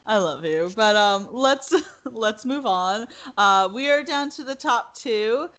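A woman's voice: on the high side, animated, slow, fairly bright tone. Chatty woman podcast host. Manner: chatty, laughs often. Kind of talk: casual chat.

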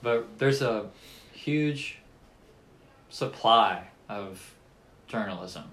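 A young man appearing as a podcast guest, thinking aloud in a halting way and pausing mid-sentence. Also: lowish voice, lively intonation, a bit bright, rough recording. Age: young adult. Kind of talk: casual podcast chat.

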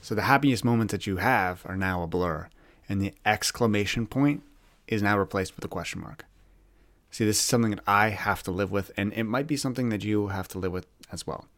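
A young Canadian man hosts a solo podcast, rambling candidly and searchingly, often restarting his words. His voice sits low and a bit bright, he talks a little fast, and the recording is dry and close with no room sound.

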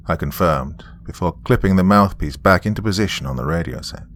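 A man telling a first-person story in a measured, descriptive way. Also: sits low, expressive, a bit bright, slight background noise.

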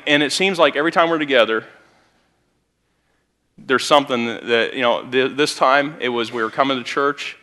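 A man's voice: medium pitch, sharp tone. A man preaching a sermon as a youth pastor in a church, telling stories in a conversational way with sudden emphatic rises. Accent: Midwestern American. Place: church sanctuary.

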